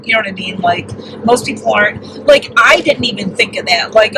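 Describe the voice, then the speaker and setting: A woman's voice: fairly high pitch, a little fast, few pauses. Chatty Midwestern woman, mic at a distance. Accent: Midwestern with some New York and New Jersey. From Michigan. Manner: chatty storyteller, acts out voices in anecdotes. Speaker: podcast host. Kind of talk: casual podcast chat. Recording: roomy, mic at a distance, steady background noise.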